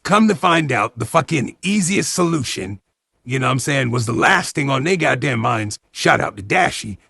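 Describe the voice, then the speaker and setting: A man's voice: medium pitch, lively intonation, moderate pace, gravelly, pushed and bright, breathy edge, dry recording, clean studio sound. A man retelling a movie plot as comedy, swearing constantly in loose slang and acting out the characters' lines. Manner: heavy swearing, slangy retelling with acted-out quotes. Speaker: movie recap host. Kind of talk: profane comedic movie recap.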